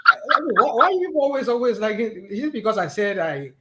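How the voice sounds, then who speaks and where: Fast-talking Nigerian man, animated. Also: high voice, a little hiss or hum. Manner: quick, animated, defensive outbursts. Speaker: chat participant. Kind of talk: casual chat.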